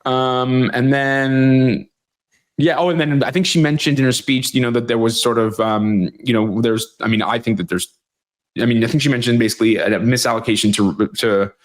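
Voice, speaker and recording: A man's voice: mid-range voice, steady tone, normal speed. A man speaking as a guest in an interview, candid and blunt, swearing now and then, with many "um"s and restarts. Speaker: guest commentator. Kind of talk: conversational interview.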